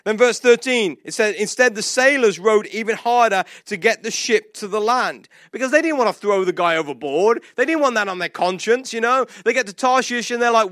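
A man preaching in a fairly high voice, telling a scripture story with playful acted-out lines. He leans on casual fillers like "like" and "you know". The sound is dry and close, with no room echo. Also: a little fast, hardly any pauses. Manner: animated storytelling, acts out quotes, frequent "like". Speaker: pastor. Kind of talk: sermon.

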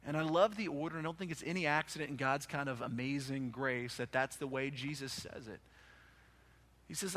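A man preaching a sermon as pastor, impassioned, rising to loud urgent peaks and dropping to hushed quiet passages. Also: on the high side, normal speed, long pauses.

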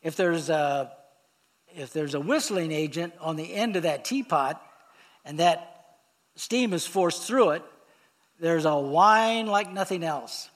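Male preacher, sermon, fairly high voice, slow and halting, reads scripture then explains it plainly. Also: fairly bright tone. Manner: unhurried, halting delivery with pauses and fillers.

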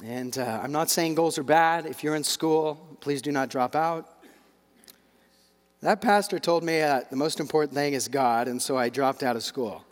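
A middle-aged man with a high, light voice preaches a sermon in a loose, chatty way, doubling back on his words and throwing in asides. His voice trails off into the long reverb of a large church hall. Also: moderate pace. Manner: conversational, animated preaching with asides and repeated words. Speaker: pastor.

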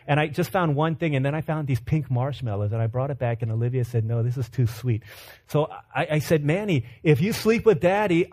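Pastor, man in his thirties, slightly high-pitched, storytelling sermon style with self-deprecating humor. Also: a little mellow. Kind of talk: sermon with a family anecdote.

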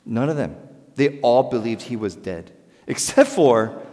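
Animated male preacher in a reverberant hall. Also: medium pitch, measured pace. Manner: animated preaching, swings between loud emphasis and quiet. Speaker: pastor. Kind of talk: sermon.

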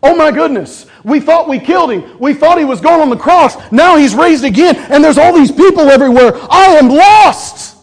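A panicking, defeated male devil, as a preacher puts him on, crying out in alarm. The voice rides high for a man, lifted and loud, with quick sudden bursts. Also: expressive, poor audio. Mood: panicked. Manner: exclaiming in alarm.

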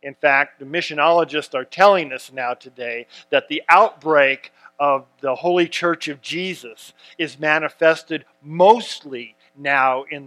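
A man's voice: fairly high pitch, sharp tone. A man preaching a sermon, reading scripture and stressing key words earnestly, with frequent restarts. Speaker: pastor.

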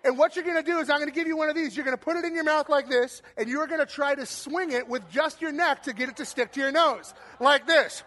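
A man with a strikingly high, bright and forceful voice hosts a game on stage for a church crowd. He talks to the audience with lots of energy, shouting cheers and countdowns and slipping in playful jokes. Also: fast talker, few pauses. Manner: playful, joking asides. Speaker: church game host and speaker. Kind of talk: live stage talk to an audience.

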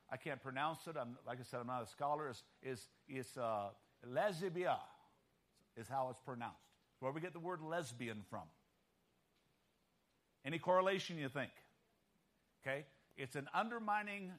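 Preacher guy, high voice that swoops all over, keeps asking if you're with him. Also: a bit bright. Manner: emphatic, keeps checking in with listeners. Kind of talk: sermon.

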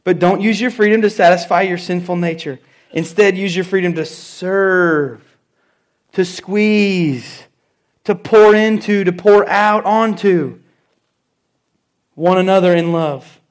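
A middle-aged man preaching a sermon in church, telling stories and stressing key phrases with slow, emphatic repeats. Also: high voice. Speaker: pastor.

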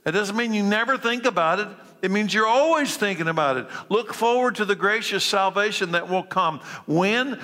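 A man preaching a sermon as pastor, swinging between urgent emphatic calls and low, quiet lines. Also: expressive, normal speed, hardly any pauses. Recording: long reverb of a large hall.

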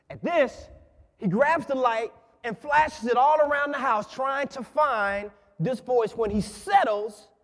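A man in his forties, a guest preacher, giving a sermon in a lively, joking, conversational way. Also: high voice. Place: large church. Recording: church with long reverb. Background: congregation.

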